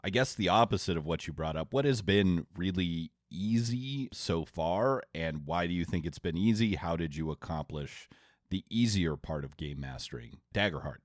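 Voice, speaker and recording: A man's voice: deep voice, lively intonation, moderate pace, dry recording, studio quality. A man co-hosting a tabletop gaming podcast, asking questions and steering the conversation. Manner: asks questions, guides the conversation. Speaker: podcast co-host. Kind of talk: casual podcast chat.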